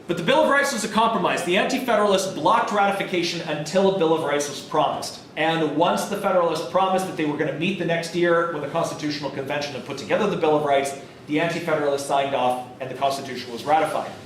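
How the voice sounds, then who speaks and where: A man's voice: fairly high pitch, fast, slight background noise. A man giving a college history lecture in a casual, jokey way, acting out historical figures. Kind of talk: classroom lecture. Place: college classroom. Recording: echoey classroom from far off.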